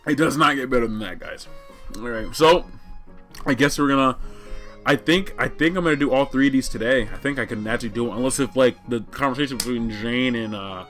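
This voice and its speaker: A man's voice: mid-range voice, brisk, fairly bright tone, faint music behind. A young man casually commenting while reading a webcomic aloud, self-deprecating and swearing freely. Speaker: reader of a webcomic.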